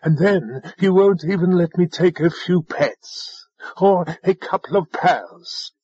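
A man reading an audiobook voices a spoiled, imperious young woman who yells indignant complaints. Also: high-pitched, slow pace, breathy edge, dry recording, highs cut off, pitched above the performer's own voice, exaggerated voice.

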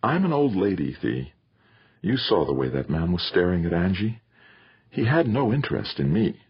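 A man's voice: deep voice, sing-song, normal speed, breathy edge, dry recording, exaggerated voice. A man voicing a stern, urgent older mother. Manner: clipped, urgent commands. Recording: dull, dry lo-fi audiobook recording.

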